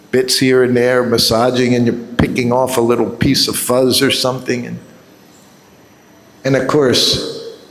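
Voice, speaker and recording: A man in his seventies giving a religious class, telling a personal story and chuckling often. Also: mid-range voice. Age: 70s. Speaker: devotee giving a scripture class. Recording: echoey hall with long reverb.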